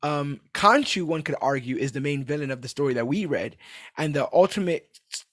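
Animated man recapping a show. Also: on the high side, a little fast, no echo, clean studio sound. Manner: animated, acts out characters' lines with laughs. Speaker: podcast co-host recapping a TV episode. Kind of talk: casual chat.

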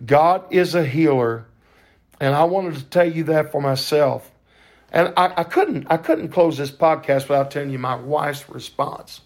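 An older man hosting a podcast, telling a faith testimony in a fervent, preacher-like way with drawn-out emphasis. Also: fairly high pitch, a little mellow. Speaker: podcast host.

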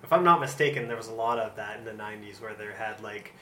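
A man's voice: lowish voice, quick pace, roomy sound, background noise. A man giving blunt, opinionated takes on a movie in casual chat, with frequent fillers. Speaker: podcast co-host.

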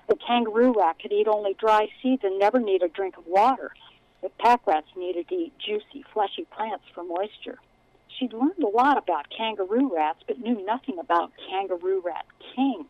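A woman, a children's author, reading aloud from her book with expressive storytelling in an interview. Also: mid-range voice, no echo, phone-quality sound.

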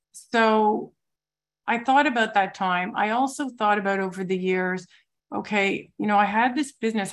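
A woman in her forties shares her recovery story in a program meeting. She talks in a reflective, searching way, at a middling pitch, and often stops to gather her thoughts with soft fillers. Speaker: twelve-step program member sharing her story. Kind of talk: personal recovery testimony.

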